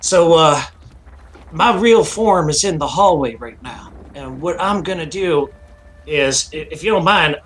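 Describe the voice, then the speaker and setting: A man's voice: a little high, expressive, fairly bright tone. A man playing a tabletop game, thinking aloud and describing his character's actions. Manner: halting, thinks aloud with fillers. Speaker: player.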